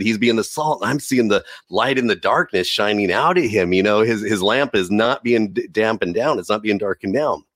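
A man's voice: fairly low pitch, dry recording, clean studio sound. A man giving an earnest, emotional faith testimony as a podcast guest, often saying "dude". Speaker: preacher.

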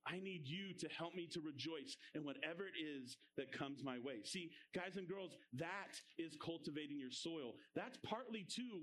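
A middle-aged man preaching a lively sermon to kids, acting out a story and having the audience repeat lines back. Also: high-pitched, low-quality recording. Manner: energetic, calls for audience repeat-backs. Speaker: youth pastor. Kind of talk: kids' sermon with live demonstration. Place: indoor room with audience.

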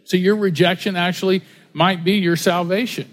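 A pastor preaches in a high voice at normal speed with fairly even intonation, keeping it conversational with rhetorical questions and everyday stories. A long hall reverb colors the recording.

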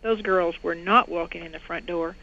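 A woman's voice: fairly low pitch, fairly even intonation, moderate pace, creaky, bright, forceful tone. A middle-aged woman, a guest on an interview show, earnestly telling a personal story and quoting others. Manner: earnest testimony, quotes others in raised voice. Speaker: guest, former clinic owner. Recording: dull lo-fi audio with faint noise.

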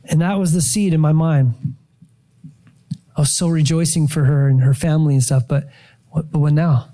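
Speaking at a normal speed in a slightly high voice, a middle-aged male pastor gives a sermon testimony. He brings his story to life, acting out his own prayers and moments of surprise.

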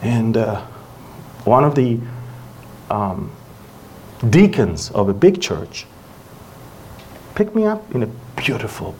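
A preacher giving a lively sermon to a church audience, acting out scenes and dropping from loud exclamations to hushed asides. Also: mid-range voice, noisy background. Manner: animated, acts out dialogue with exaggerated voices.

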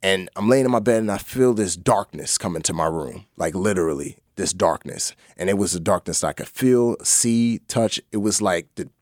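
A man as a podcast guest, telling his personal faith story in earnest, often dropping to a soft low voice at the hard parts. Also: moderate pace, hardly any pauses, no room sound, studio quality. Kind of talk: personal testimony in a podcast interview.

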